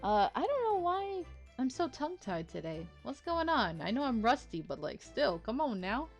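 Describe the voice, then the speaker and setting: A young woman hosting a let's play, giving casual, expressive and self-mocking commentary while reacting to a story game. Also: sits high, moderate pace, faint music behind.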